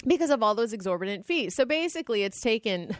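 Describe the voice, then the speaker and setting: A woman co-hosting a casual chat show, talking quickly and laughing often. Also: on the high side, expressive, dry recording. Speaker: co-host.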